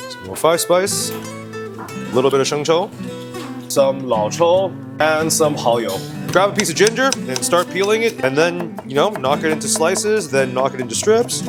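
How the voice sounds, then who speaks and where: Blunt, joking man teaching cooking over music. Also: on the high side. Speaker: chef and cooking video host. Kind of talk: casual cooking demonstration. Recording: music playing underneath.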